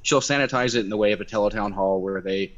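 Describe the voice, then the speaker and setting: A young man telling a story in casual chat on a video call, animated and swearing, acting out quotes in a louder voice. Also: fairly low pitch, fast talker. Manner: animated, swearing, acts out quotes by raising his voice. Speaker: activist guest. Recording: dull lo-fi video call audio.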